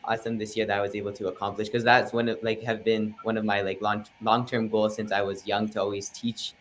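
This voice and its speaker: A man's voice: fairly low pitch, level tone, fast, slight background noise. Polite teenage boy on a video call. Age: teens. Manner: polite, eager. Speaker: guest musician. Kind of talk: casual interview answers.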